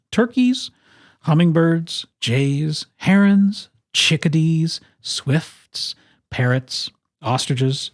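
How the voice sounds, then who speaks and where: Children's picture-book reading, unhurried, lively melody, playful emphasis, dry close sound. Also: mid-range voice, no echo. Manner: expressive, playful emphasis on lists. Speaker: storyteller.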